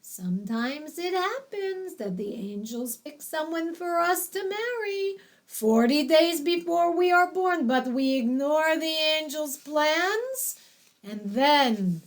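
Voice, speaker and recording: Woman reader as a gentle old-world rabbi explaining matters patiently, unhurried. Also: high-pitched, animated, full character voice. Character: calm wise male grand rabbi.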